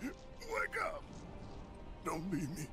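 An actor playing a desperate, grieving burly husband in a game, crying out in anguish and pleading. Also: male voice, sits high, huge pitch swings, drawn-out words, exaggerated voice. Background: loud game music.

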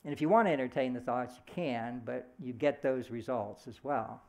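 A man's voice: medium pitch, moderate pace, vocal fry, a little mellow. A middle-aged man giving a sermon in a conversational, storytelling way, slipping into short voiced quotes. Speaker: speaker at a church service.

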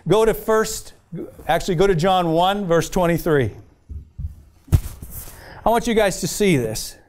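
High-voiced man preaching a sermon. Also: animated, measured pace, pauses often, darkish tone. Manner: call-and-response preaching, keeps asking the congregation "amen?"; storytelling with repeated restarts. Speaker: pastor. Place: church service.

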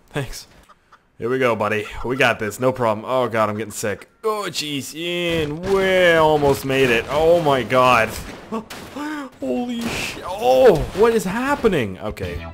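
A man giving excitable, rambling let's play commentary, yelping and swearing at the action on screen. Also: medium pitch, a little slow, faint music behind. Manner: excitable, yelps and laughs at crashes, heavy swearing; rambling running commentary to himself. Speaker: gaming YouTuber.

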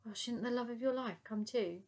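A woman's voice: a little high, normal speed, a little mellow, pitched above the performer's own voice. A woman reading aloud, voicing a tiny, eager old male soldier who speaks earnestly.

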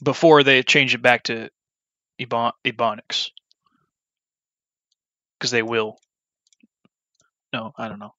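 A young man with a bright, sharp voice rambles through off-the-cuff commentary while he works on a game. His talk meanders with fillers and restarts, and it sometimes builds into loud, heated ranting. The sound is dry and close, with no room echo. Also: mid-range voice, steady tone, slow pace, pauses often, highs cut off. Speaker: video creator modding a game.

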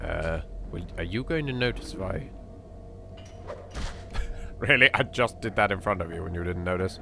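A British man giving chatty, excitable commentary while playing a video game. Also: sits low, vocal fry, music in the background. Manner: excitable, chatty, quick to exclaim. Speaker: let's play host. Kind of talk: casual gameplay commentary.

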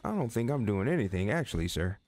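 A man's voice: lowish voice, big pitch swings, fast, a little mellow. A man giving casual gameplay commentary, playfully coaxing and teasing the characters and his horse. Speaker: let's play host.

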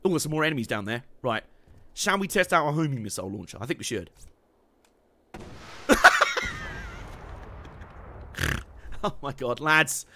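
A young man giving casual, excitable gameplay commentary, laughing, swearing and humming along as he plays. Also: medium pitch, fast talker. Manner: excitable, laughing, swearing, hums tunes while playing. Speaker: game streamer.

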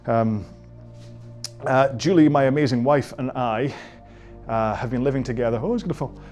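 A chatty Scottish indoor rowing coach leads a guided stretching class, mixing in casual chat. He jokes and pokes fun at himself, and his mid-range voice is a little mellow.

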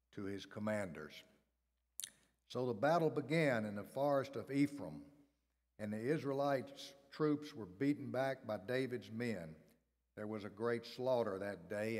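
Man reading scripture in a reverberant sanctuary. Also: medium pitch. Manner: measured, steady reading cadence. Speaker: scripture reader. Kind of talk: reading scripture aloud in worship. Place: church sanctuary. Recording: long church reverb.

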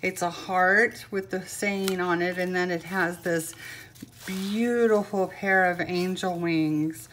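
An older woman opens a gift on camera in a casual home vlog, speaking slowly and tenderly. Her voice sits a bit low, and she gushes with feeling, trailing into pauses and fillers. A faint hum of room noise sits underneath. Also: fairly even intonation, a bit bright. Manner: gushing and sentimental, with many pauses and fillers. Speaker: vlogger. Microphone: camera mic.

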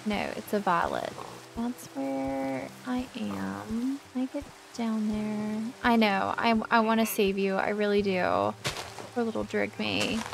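A woman's voice: medium pitch, lively intonation, takes it slowly, creaky. A young woman, hosting a casual gameplay let's play, chatty and easily distracted, exclaiming often. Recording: light background music.

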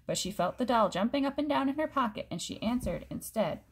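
Woman reading a children's story aloud, very lively pitch, expressive. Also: a little fast, few pauses, a little hiss or hum. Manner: expressive, stops to explain to a child. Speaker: story reader.

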